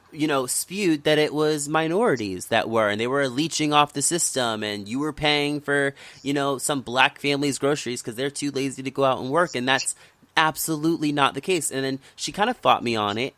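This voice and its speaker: An American podcast host with a mid-range, slightly bright voice talks politics casually but with passion, repeating words when he gets worked up. The recording is dry.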